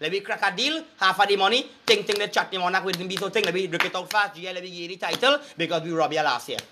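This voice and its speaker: A man's voice: high voice, steady tone, very fast, noisy background. Profane Trinidadian man ranting. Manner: crude, preachy, sing-song chanting. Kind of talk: profane rant to camera.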